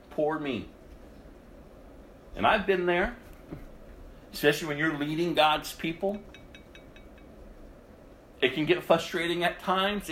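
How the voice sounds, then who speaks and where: A man preaching a sermon, reading scripture aloud and then commenting, swinging from loud outbursts to hushed, intense lines. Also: a little high, echoey room, slight background noise, low-quality recording. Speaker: pastor.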